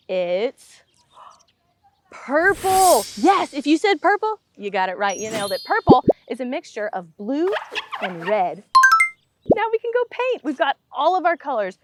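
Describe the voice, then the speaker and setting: A woman's voice: sits high, sing-song, normal speed. A young woman hosting a kids' lesson, bubbly and playful with exaggerated delivery. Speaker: children's show host. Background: background music.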